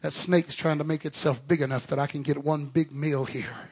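A man preaching an impassioned revival sermon at a live church service. He builds to shouting and often stammers and repeats words. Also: on the high side, fairly even intonation, fairly quick, slightly rough.

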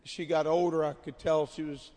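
A man preaches a camp meeting sermon in a high voice. He tells a story about his congregation in a quiet, conversational way. The sound carries the long reverb of a large hall. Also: little pitch movement, moderate pace. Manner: builds to shouted preaching, then drops to quiet storytelling. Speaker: pastor.

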